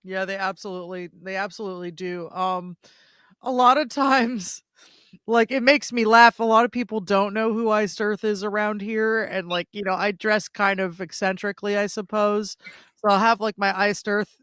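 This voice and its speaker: A woman's voice: mid-range voice, fairly even intonation, normal speed, a bit bright, clear, resonant tone, dry recording. A woman hosting a podcast over a video call, chatting casually and giggling often.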